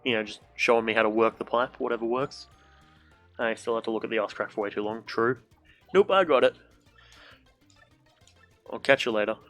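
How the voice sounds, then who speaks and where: A man's voice: fairly low pitch, flat delivery, fast, a bit bright, no room sound, soft background music. A young man streaming a video game from a room at home, casual let's-play commentary, joking, swearing and making silly sound effects.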